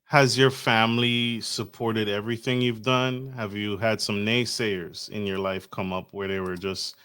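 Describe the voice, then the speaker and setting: A man's voice: fairly low pitch, level tone, unhurried, a bit bright, clear, resonant tone. A man hosting a podcast, hyping up his guest with casual slang and stumbling through his questions. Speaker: podcast host.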